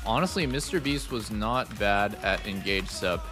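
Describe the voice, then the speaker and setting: A game streamer talks over music in a fairly low, expressive voice at normal speed. His casual chat with viewers is rambling and profane, heavy with "like."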